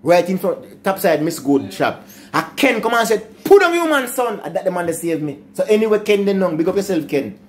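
A man's voice: high-pitched, animated, fairly quick. An older man with a Jamaican accent telling childhood stories in a casual chat, laughing often and turning to talk to his grandsons. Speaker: storyteller. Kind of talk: casual storytelling chat in patois.

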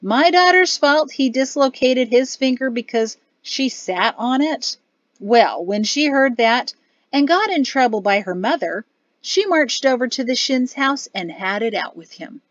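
A woman voicing a hearty, boastful older male general who teases and barks his words loudly. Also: animated, a little slow, no echo, dull audio. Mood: jovial. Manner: booming, barking laughter.

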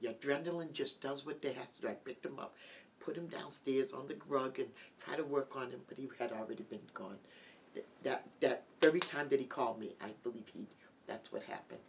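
A middle-aged woman giving a heartfelt personal testimony as an interview guest, halting and full of restarts. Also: a bass voice. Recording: distant mic with light background noise.

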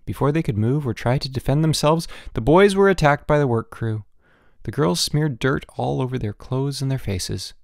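A man narrating a children's audiobook in an expressive storytelling manner, changing his voice for different characters. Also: medium pitch, moderate pace, vocal fry, dry recording, studio quality.

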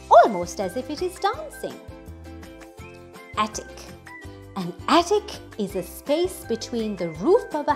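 Patient woman explaining words for children. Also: high voice. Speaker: teacher explaining vocabulary. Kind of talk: children's vocabulary lesson.

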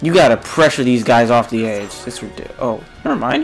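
A man's voice: medium pitch, quick pace, faint music behind. A young man giving jokey, exasperated let's play commentary, yelping and grunting as he plays, sounding a little sick. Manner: exasperated, excitable, jokey, frequent yelps and grunts. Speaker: gamer.

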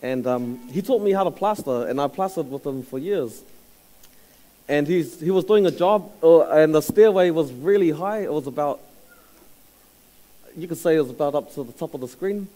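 A man in his thirties with a New Zealand accent, telling a story in a casual, halting sermon with fillers and laughs. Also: fairly high pitch, animated, dark tone, poor audio. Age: 30s. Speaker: church speaker.

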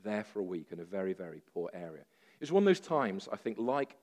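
A man preaching a sermon, telling a story with lively, self-deprecating humor and many fillers. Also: low voice, fairly quick.

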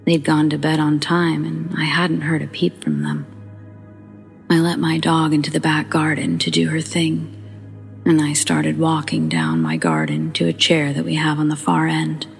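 Woman narrator, low voice, gravelly fry, hushed whispers, faint music underneath. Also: moderate pace. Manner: hushed, breathy whispering at tense moments. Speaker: horror story narrator. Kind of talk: scripted narration.

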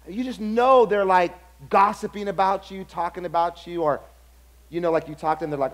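Male pastor, high-pitched, animated storyteller, sermon delivery. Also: brisk. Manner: animated storytelling, acts out other people's lines.

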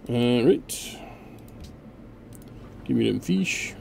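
Gravelly man doing sarcastic game commentary. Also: medium pitch, expressive, very slow, a little mellow, a little hiss or hum. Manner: sarcastic, with mock-grand orders to units. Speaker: gameplay video host. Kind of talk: casual gameplay commentary.

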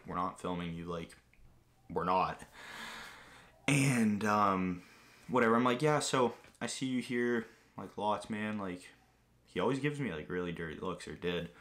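A man's voice: on the low side, fairly bright tone. A young man from Greece chatting casually to viewers, rambling through a story with lots of fillers. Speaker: vlogger answering viewer questions. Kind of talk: casual chat.

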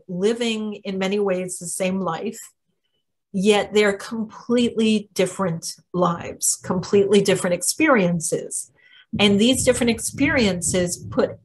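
A middle-aged woman hosts a live spiritual Q&A, speaking at an unhurried pace with an everyday mid pitch. She tells personal stories in a casual, chatty way with frequent fillers. She acts out the lines of the people she quotes. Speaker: spiritual channeler hosting a live Q&A. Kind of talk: casual storytelling talk.

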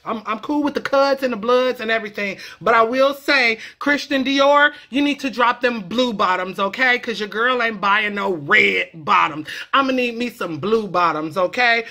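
A woman with a medium-pitched voice and a moderate pace teaches a lesson as a comedic vlogger from California. She talks playfully and animatedly in slang, switching into character voices along the way.

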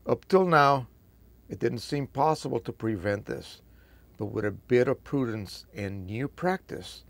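Gravelly low-voiced man reading with asides. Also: dry recording. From Spain. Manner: chatty, emphatic asides. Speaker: photo printing video host. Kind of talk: reading an old post aloud with commentary.

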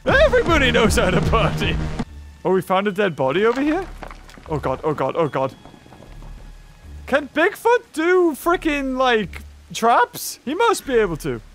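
A man giving excitable gameplay commentary, laughing often and yelping at jump scares. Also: extremely high pitch, unhurried, soft background music. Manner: excitable, laughs a lot, yelps and shouts at scares. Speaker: gaming YouTuber.

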